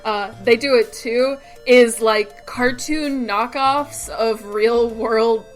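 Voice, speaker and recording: A woman in her late twenties co-hosting a casual podcast, animated, laughing often and acting out little quotes. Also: on the high side, slow, faint music behind. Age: late 20s. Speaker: podcast co-host.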